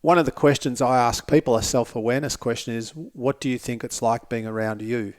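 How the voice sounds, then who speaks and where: A man's voice: mid-range voice, fairly even intonation, a little fast. A man, a motivational speaker guesting on a podcast, talking reflectively and candidly, with casual swearing. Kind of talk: casual conversation.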